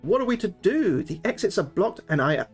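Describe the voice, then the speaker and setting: A man's voice: high-pitched, big pitch swings, normal speed, husky, faint music behind, voice pushed up, heavily acted. A man voicing an earnest, urgent wizard in a gamebook read-aloud.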